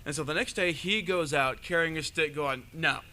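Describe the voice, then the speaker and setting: Bright, animated male storyteller. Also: fairly high pitch, moderate pace. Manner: animated, jokey retelling with fillers. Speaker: panelist storyteller. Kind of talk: live storytelling to an audience. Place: convention panel room.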